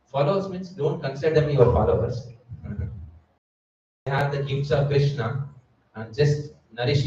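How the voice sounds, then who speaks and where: A man's voice: a little high, warm tone, slight background noise. A man giving a Sunday sermon at a temple, asking his listeners rhetorical questions. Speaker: preacher. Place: temple hall. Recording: echoey hall, distant mic, dull sound.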